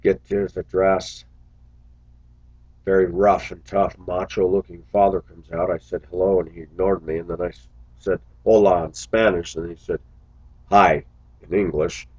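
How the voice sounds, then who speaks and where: A man's voice: low-pitched, flat delivery, moderate pace, a little mellow, breathy edge, no echo, muffled recording. A man who drives a school bus, talking earnestly to his viewers in a casual, reflective monologue full of little stories.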